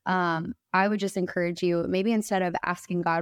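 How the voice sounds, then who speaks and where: A woman's voice: fairly low pitch, steady tone, moderate pace, clean tone, no echo, clean studio sound. A young woman guest telling a heartfelt faith story in a candid, earnest way. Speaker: podcast guest.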